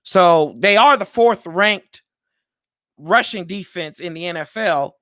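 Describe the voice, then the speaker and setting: A man with a fairly high voice chats casually from home as a podcast host. He talks loosely and catches his own slips as he goes. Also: slow pace, pushed and bright, dry recording, studio quality. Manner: loose and chatty, with frequent fillers and self-corrections. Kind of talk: casual sports preview chat.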